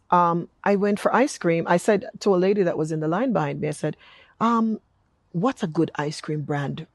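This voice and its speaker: A middle-aged woman from Jamaica with an American accent, telling stories in a chatty, animated vlog and acting out quotes. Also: medium pitch, gravelly, no room sound. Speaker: vlogger and apostle. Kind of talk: casual storytelling vlog.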